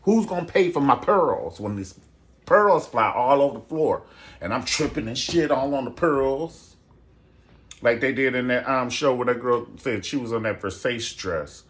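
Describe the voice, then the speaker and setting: A man hosting a casual gossip commentary show, sassy and theatrical, jumping into high falsetto exclamations. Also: animated, moderate pace. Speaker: show host.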